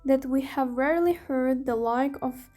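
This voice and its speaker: A woman's voice: sits high, unhurried, mellow, soft background music. A young woman reading the part of a stern middle-aged male wizard judge, in formal, clipped pronouncements. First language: Ukrainian.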